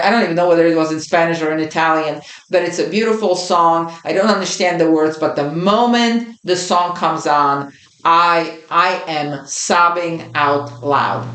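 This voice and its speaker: A woman's voice: low voice, a bit bright, roomy sound. A woman in her fifties co-hosting a podcast, sharing a personal experience in earnest, reflective storytelling. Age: 50s. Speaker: podcast co-host. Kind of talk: casual chat.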